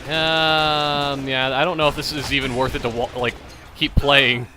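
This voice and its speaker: A man's voice: medium pitch, level tone, a little slow, background noise. A tipsy man hosting a gaming channel, giving rambling, jokey commentary over his play. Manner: rambling, jokey, self-amused. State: tipsy from drinking. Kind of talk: casual gameplay commentary.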